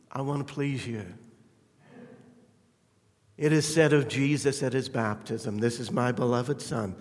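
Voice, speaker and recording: A man preaching a sermon, fervent and emphatic at the peaks, then dropping to a quiet, intimate tone. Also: medium pitch, in a large hall.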